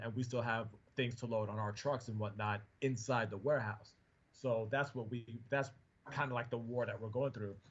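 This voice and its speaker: Man, mid pitch, casual rambling storyteller, slightly dull recording. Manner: rambling, animated retelling with fillers.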